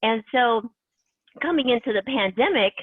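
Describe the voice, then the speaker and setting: A woman's voice: a little high, lively intonation, normal speed, dry recording. A woman closing a team conference call with enthusiastic, rambling motivational talk, full of fillers. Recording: tinny conference call line.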